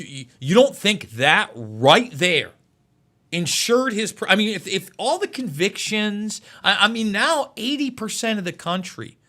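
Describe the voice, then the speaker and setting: An emotional male host talks through live news commentary, tripping over his words and repeating himself. His voice sits high and swings widely in pitch, with a bright, forceful edge.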